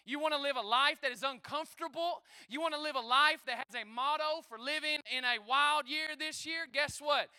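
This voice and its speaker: A man preaching a lively sermon as pastor, energetic and calling out to the congregation with exclamations. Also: very high-pitched, fairly quick, few pauses, no echo.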